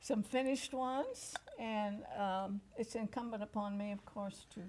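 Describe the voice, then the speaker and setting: A woman's voice: medium pitch, a little slow, darkish tone. An older woman hosting a television cooking segment, chatting in a folksy, lightly joking way. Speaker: host. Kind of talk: casual cooking-segment chat. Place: television studio kitchen.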